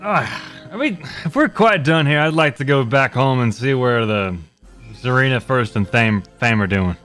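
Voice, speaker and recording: A man playing a tabletop game, animated and joking among friends. His voice swings up and down a lot, sits in the middle, and has faint music behind it. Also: medium pitch, moderate pace. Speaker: player. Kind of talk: casual tabletop play.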